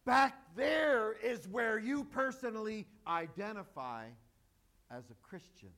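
A man's voice: high-pitched, lively intonation, slow, vocal fry, pushed and bright. A male pastor preaching a sermon, emphatic and joking with the congregation.

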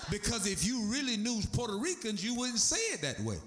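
An animated male preacher delivers his sermon with a voice that swings widely. He rises to high, excited peaks as he drives his points home. The sound rings around a reverberant room. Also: fairly quick, hardly any pauses. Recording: echoey room.

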